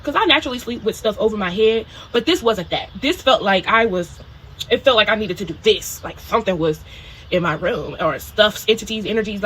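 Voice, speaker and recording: A woman telling a personal story for her video diary in a casual, animated way. She swears freely and keeps checking in with "you know" and "okay?". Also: on the high side, a little hiss or hum, rough recording. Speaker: spiritual video diarist.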